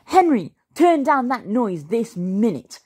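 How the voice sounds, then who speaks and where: A woman reading the lines of a stubborn, cheerful father who loves roughing it, in a hearty, insistent storybook voice. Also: lowish voice, a little slow.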